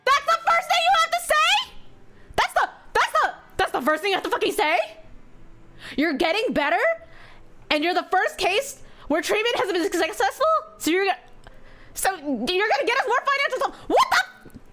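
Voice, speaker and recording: A woman's voice: extremely high pitch, expressive, moderate pace, sharp tone, slight background noise. A woman streamer reacting to a story game, swearing heavily in emotional outbursts and reading the story text aloud.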